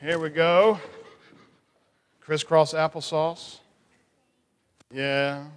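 Playful high-voiced man leading kids' church. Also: drawn-out words, clear, resonant tone, in a large hall. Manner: playful, animated, teasing questions to kids. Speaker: children's pastor. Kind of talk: children's church talk.

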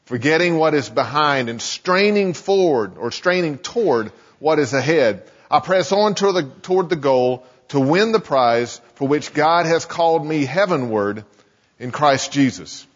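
A pastor giving a sermon, earnest and emphatic, often restarting phrases and slowing down to stress key points. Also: male voice, on the high side, expressive. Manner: earnest preaching with many restarts and slow emphasis. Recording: muffled sound with long hall reverb.

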